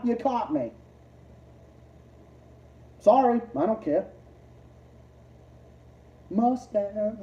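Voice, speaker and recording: A man hosting a livestream, ranting casually, profane and combative, jumping between loud outbursts and low mutters. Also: takes it slowly, long pauses. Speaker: livestream host. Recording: muffled, roomy, distant lo-fi mic.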